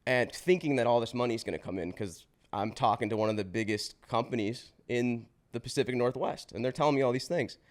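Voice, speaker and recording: A man in his twenties, a podcast guest, telling his life story in a casual, slangy way with swearing and quick restarts. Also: medium pitch. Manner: slangy and swearing, says bro and dude; fast run-on telling with restarts.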